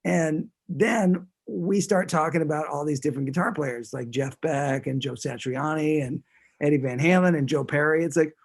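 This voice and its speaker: A man's voice: on the high side, moderate pace, creaky, breathy edge. A man who is a guest musician, chatting casually in an interview and talking in a rambling way, with many restarts.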